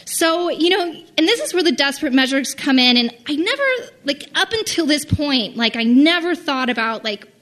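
A young woman casually telling a personal story, rambling and acting out the quoted lines with big jumps in pitch. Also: animated, moderate pace, few pauses, a bit bright.

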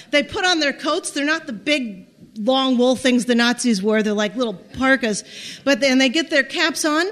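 High-voiced woman telling a dramatic story. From United States. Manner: lively and dramatic, acts out her own quoted speech. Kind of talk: personal story told to listeners.

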